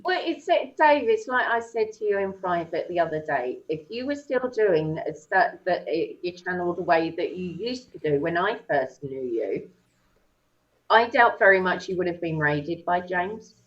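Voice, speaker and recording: A woman joining a casual live stream chat as a guest, speaking in a measured way with filler pauses. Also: lowish voice, animated. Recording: dull lo-fi audio.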